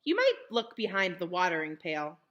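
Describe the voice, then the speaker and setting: A woman voicing a plump, kindly little fairy godmother who speaks gently. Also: on the low side, very animated, moderate pace, highs cut off. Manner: gentle and kind.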